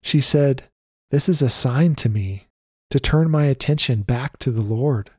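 Male lay preacher, mellow dark tone, dry close sound, steady scripture recitation. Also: mid-range voice, unhurried, husky, dry recording. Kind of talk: scripted devotional reading.

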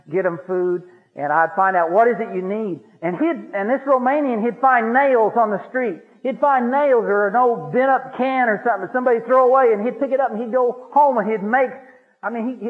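A man giving a personal Christian testimony, telling his story in a folksy, repetitive way that builds in fervor. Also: high-pitched. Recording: tinny, phone-like radio broadcast.

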